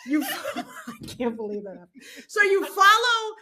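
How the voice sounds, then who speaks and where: A woman's voice: very high voice, big pitch swings, normal speed, sharp tone, slight background noise. A middle-aged woman, a motivational speaker, talking expressively on a faith podcast, laughing often and preaching her points. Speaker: guest speaker. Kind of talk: animated podcast conversation.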